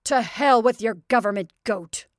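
A woman voicing a gruff, bitter, middle-aged working-class father who blusters and grumbles. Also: on the low side, unhurried, a little mellow, no room sound, studio quality. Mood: angry. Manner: surly, blustering.

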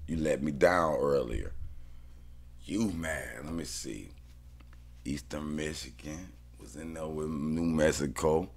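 Very deep gravelly man muttering. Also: slow. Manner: muttering to himself, slangy, exclaiming. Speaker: sports bettor. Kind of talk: casual betting talk, thinking aloud.

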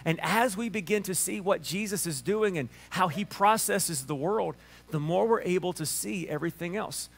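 A man in his thirties with a Southern Alabama drawl, preaching a sermon and telling a family story with lively restarts. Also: high-pitched, normal speed, vocal fry. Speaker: pastor.

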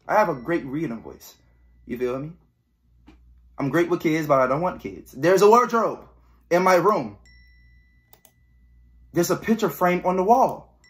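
A man's voice: sits high, a bit bright. A young man giving joking, swearing horror game commentary, reading the game text aloud. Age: young adult. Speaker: gaming YouTuber.

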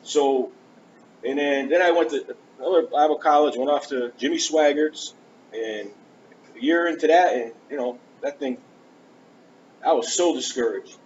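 A man's voice: fairly high pitch, moderate pace, pauses often. Earnest man preaching a testimony. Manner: earnest, animated, acts out conversations. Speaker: preacher giving his testimony. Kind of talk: storytelling sermon. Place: church. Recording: dull lo-fi church recording with faint hiss.

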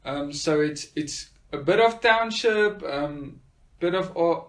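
A man's voice: fairly high pitch, animated, slow. A man sharing a personal faith testimony, earnest and often hesitating with fillers.

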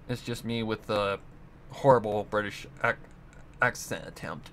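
Sitting in his home room among guitars and a keyboard, a man who reads fan audiobooks and does voice acting talks casually to the camera, rambling, self-correcting, and chuckling frequently. His voice is fairly low, unhurried, creaky, pushed and bright, with slight hiss or hum in the background.

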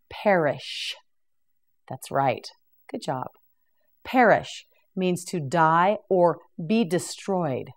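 Woman teacher, patient vocabulary drill, very slow and carefully enunciated, lively sing-song pitch.

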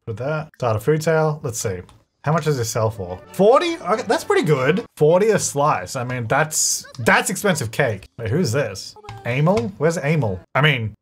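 A man hosting a gaming channel, thinking aloud in chatty gameplay commentary, self-correcting as he goes and breaking into excited bursts. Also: a little high. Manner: excitable bursts, quick laughs. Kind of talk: let's-play gameplay commentary.

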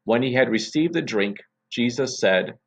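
A man, a pastor, reading scripture aloud and opening a devotion in a measured, deliberate way. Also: mid-range voice, lively intonation, breathy edge.

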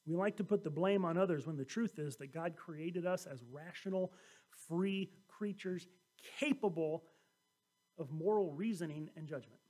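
A high-pitched male pastor delivering a sermon in a lively, storytelling manner. He retells scripture scenes and briefly slips into the voices of the people in them before coming back to his point. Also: moderate pace. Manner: animated storytelling, acting out quoted voices.

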